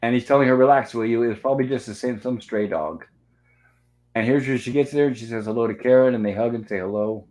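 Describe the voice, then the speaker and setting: A man's voice: medium pitch, quick pace, a little mellow, rough recording. Man recapping a movie scene by scene. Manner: narrates scenes step by step, reading out dialogue. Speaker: host of a movie review livestream.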